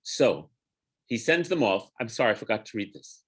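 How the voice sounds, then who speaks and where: A rabbi leading an informal Torah study class, talking through the text in a digressive way, chanting Hebrew phrases slowly and stopping to correct himself. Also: male voice, on the low side, expressive, husky.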